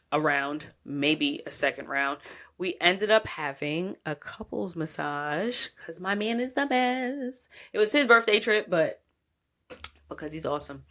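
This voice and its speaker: A woman's voice: sits low, fairly bright tone. A woman podcast host telling a travel story in a chatty, rambling way, with casual swearing and lots of asides.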